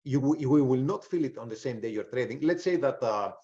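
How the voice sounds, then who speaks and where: A man's voice: medium pitch, animated, fairly quick, mellow. Guy in his 40s rambling thru a trading webinar, lots of restarts, kinda dull lo-fi audio. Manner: rambling, frequent restarts and fillers. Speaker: webinar presenter, trader. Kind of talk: live webinar talk.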